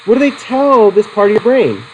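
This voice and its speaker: A man's voice: high-pitched, sing-song, normal speed, slight background noise, rough recording. A man teaching a psychology class in a chatty, digressive way, laughing often and putting questions to his students. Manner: laughs often between points. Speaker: psychology instructor. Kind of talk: classroom lecture.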